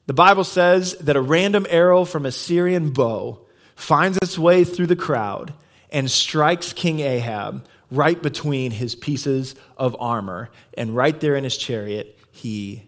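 Guy pastor preaching, kinda high voice, chatty storytelling vibe. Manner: conversational, animated storytelling. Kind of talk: sermon.

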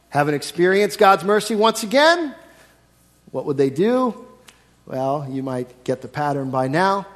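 A male pastor preaching a sermon, swinging between loud emphasis and quiet hushed lines, and putting rhetorical questions to the congregation. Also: sits high, sing-song, normal speed.

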